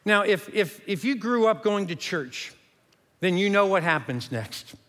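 A man preaching a sermon as pastor, earnest, and dropping to a hush for emphasis. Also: sits high, animated, unhurried, in a large hall.

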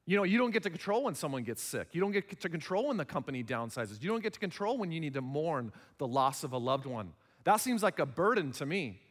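A man's voice: on the high side, big pitch swings, quick pace, hardly any pauses. Man, 30s, pastor, sermon, conversational, acts out dialogues, echoing hall. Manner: conversational, acts out little dialogues in other voices.

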